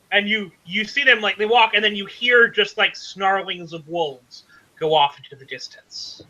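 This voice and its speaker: Hellstimmiger Spielleiter, dumpfer Klang. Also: male voice, high voice, moderate pace, bright, forceful tone, highs cut off. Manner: rambling, hesitant narration with fillers. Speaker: game master. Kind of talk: narrating a tabletop game.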